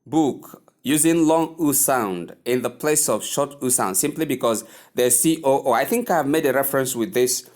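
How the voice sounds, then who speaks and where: A man teaching English pronunciation, speaking slowly and deliberately and repeating words for learners to echo. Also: medium pitch. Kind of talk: pronunciation lesson.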